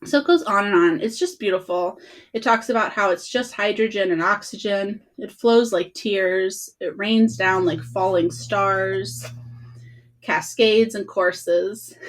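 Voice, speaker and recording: A woman hosting a podcast, chatting about books in a gushing, giggly way. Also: medium pitch. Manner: giggly, gushing, breaks into laughter. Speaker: podcast host. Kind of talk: casual chat about books.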